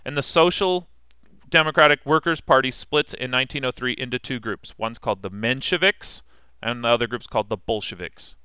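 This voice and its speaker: A man's voice: mid-range voice, brisk, pushed and bright, clear, resonant tone, no room sound, clean studio sound. A man teaching a history class in a casual lecture, asking the students questions as he explains.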